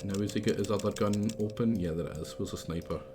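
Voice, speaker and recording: This is casual live gameplay commentary from a man in Scotland who rambles, swears without restraint and talks back at the game. He speaks quickly in a lowish, darkish voice over slight background noise.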